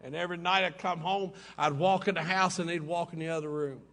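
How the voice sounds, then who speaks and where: High gravelly man telling stories. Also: fairly even intonation, fairly quick, a bit bright. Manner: folksy storytelling with laughing asides. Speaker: recovery meeting speaker. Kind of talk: personal testimony talk. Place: hotel conference room.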